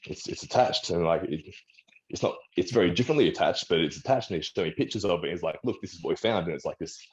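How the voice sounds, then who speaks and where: Here a man with a low-sitting voice talks fast over lo-fi audio. He's an Australian strongman and personal trainer chatting as an interview guest, and his story wanders with restarts as he acts out the doctors' lines.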